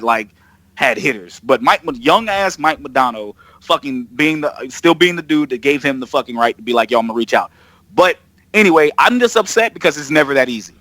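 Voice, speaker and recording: A man in casual podcast chat, telling a story with lots of swearing and quick impressions of people. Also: fairly high pitch, dry recording. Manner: animated, profane storytelling with impressions. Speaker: podcast guest.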